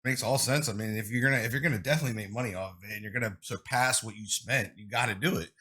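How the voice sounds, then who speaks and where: A man hosting a podcast in casual chat, animated and swearing freely as he talks. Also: fairly low pitch, very fast, slightly rough. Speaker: podcast host.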